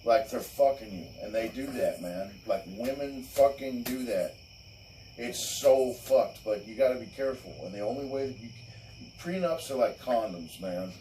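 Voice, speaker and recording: A man's voice: medium pitch, animated, normal speed, mellow, far from the mic, slight background noise, rough recording. Blunt, profane man ranting off-mic. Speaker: show host. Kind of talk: casual crude podcast chat.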